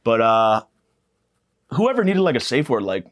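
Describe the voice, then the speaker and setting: A man in his twenties hosting a podcast, delivering a rambling, crude comedic monologue with a self-mocking deadpan. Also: mid-range voice, unhurried, long pauses. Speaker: podcast host.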